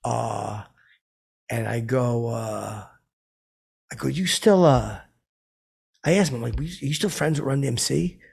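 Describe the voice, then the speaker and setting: Gravelly, rambling man telling a comic story. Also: medium pitch, a little slow, pauses often, darkish tone. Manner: rambling, full of fillers and restarts, boastful. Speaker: comedic storyteller character.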